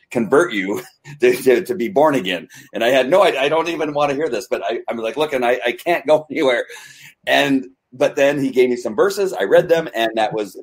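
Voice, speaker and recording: A man with a somewhat low voice tells a personal story in casual conversation. He is earnest and halting, restarting his sentences as he goes. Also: a little mellow. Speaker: podcast host.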